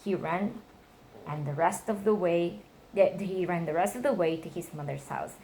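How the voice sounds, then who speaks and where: A woman reading children's storybook tales aloud to her nephew, voicing the characters with high squeals. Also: normal speed, mellow, slight background noise.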